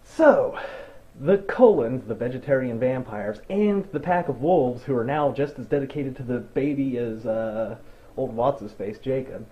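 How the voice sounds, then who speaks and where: A man's voice: mid-range voice, animated, a little slow, muffled recording. A young man giving a sarcastic, profanity-laced movie recap, ranting and mocking the plot. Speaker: movie reviewer.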